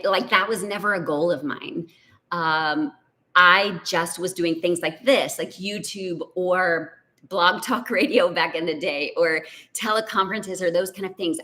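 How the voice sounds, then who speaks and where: A middle-aged woman, a business coach telling a chatty, animated story to a live online audience. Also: lowish voice. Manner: chatty, animated, says "y'all" and "like".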